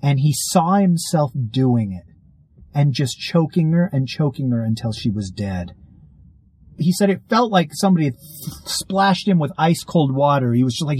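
A man recounts a story in a loose, casual way, stopping and restarting often. His voice is warm and a little husky. The recording is dry and close. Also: fairly high pitch, dry recording, poor audio. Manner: rambling, many fillers and restarts.

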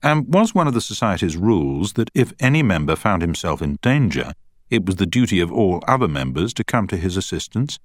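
A man voicing a sharp young male barrister who asks pointed, probing questions. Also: low voice, very animated, fairly quick, no room sound, studio quality, voice pushed up.

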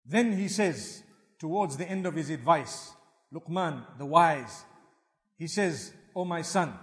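A man preaching with a high, light voice that rises and falls animatedly. He drops Arabic religious phrases into his English. The sound rings with the long reverb of a large hall. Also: animated, takes it slowly. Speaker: Islamic preacher. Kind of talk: sermon.

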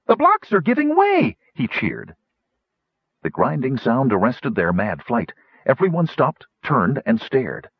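A man narrating a fantasy audiobook in a dramatic, measured storytelling manner. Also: lowish voice, husky, dry recording. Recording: dull lo-fi dry recording.

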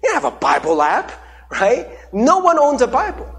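A man's voice: extremely high pitch, huge pitch swings, moderate pace, gravelly. A man preaching a conversational sermon as pastor, with many fillers and repeated words.

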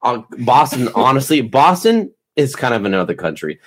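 A man's voice: mid-range voice, very animated, normal speed, a little hiss or hum. A man co-hosting a casual late-night podcast, tipsy, joking and swearing freely. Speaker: podcast co-host.

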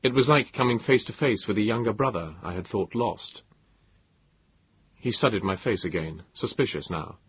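Husky male audiobook narrator. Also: lowish voice, no echo. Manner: measured, lively storytelling delivery. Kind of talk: first-person storytelling. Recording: dull lo-fi, dry.

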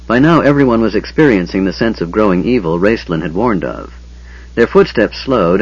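A husky, low-pitched male voice narrates a fantasy audiobook, with an animated rise and fall in his pitch. The recording is dull and lo-fi, with the top end muffled. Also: no room sound. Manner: expressive, dramatic storytelling.

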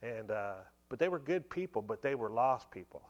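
A man's voice: mid-range voice, expressive, moderate pace, muffled recording. A man in his forties giving a church testimony, telling the story conversationally and filling it with many asides. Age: 40s. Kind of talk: sermon testimony.

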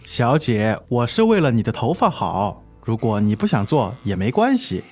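A persuasive hairdresser, played by a man in a scripted lesson dialogue, coaxing his customer toward extra treatments. His voice has a lively, animated pitch. Soft music runs behind him. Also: normal speed. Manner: coaxing, salesy.

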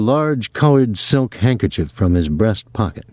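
A man narrating an audiobook in an expressive, measured reading. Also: on the low side, no echo, studio quality.

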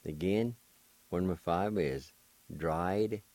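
Slow, low-voiced man teaching words. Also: darkish tone, no echo. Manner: slow, deliberate spelling and repeated pronunciation; patient and encouraging. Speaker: language teacher and host. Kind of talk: radio language lesson.

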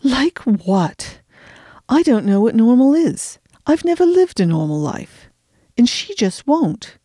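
Lady reading as a tired fed-up guy, ex recovery agent, clipped and cranky, dark dry voice. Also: a little high, big pitch swings, slow, no room sound, voice pushed up, full character voice. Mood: frustrated. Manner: terse and exasperated. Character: weary frustrated middle-aged man, retired recovery agent.

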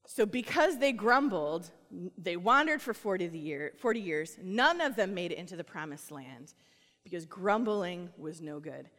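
A woman pastor preaching a sermon in a casual, conversational way, rising to animated reading and dropping to soft, hushed lines. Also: lowish voice, moderate pace, big-room sound.

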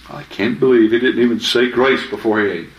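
A man's voice: mid-range voice, fairly quick, lo-fi sound, a little hiss or hum. A man giving informal Bible teaching in a chatty, anecdotal way, often laughing. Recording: echoey room with faint ambience.

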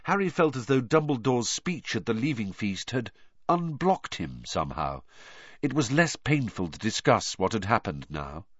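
A man narrating an audiobook in an expressive, animated reading. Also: medium pitch, normal speed, breathy edge, no room sound, muffled recording.

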